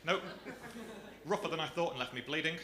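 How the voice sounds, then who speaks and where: A young man with a Birmingham accent doing a stand-up comedy set, delivering dry, deadpan punchlines on a comedy club stage. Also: on the high side, brisk. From Birmingham area, England. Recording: echoey club with audience noise.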